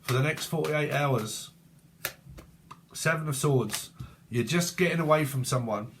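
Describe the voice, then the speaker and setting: A man's voice: a little high, a little slow, a little hiss or hum. Rambling, jokey man reading tarot. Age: 40s. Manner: rambling, jokey, laughs often, slips into playful voices. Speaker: tarot reader. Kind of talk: casual tarot reading monologue.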